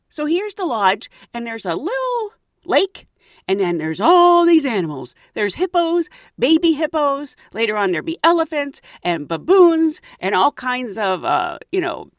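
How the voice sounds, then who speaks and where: A woman's voice: sits high, huge pitch swings, measured pace, dry recording, studio quality. A woman casually telling a travel story, acting out the voices of the people in it and laughing often.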